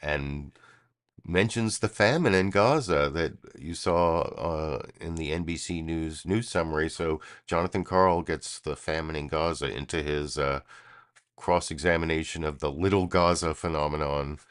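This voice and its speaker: A man's voice: rumbling low, moderate pace, clean tone. A man hosting a commentary video, talking casually and rambling with many fillers. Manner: rambling, full of fillers and self-corrections.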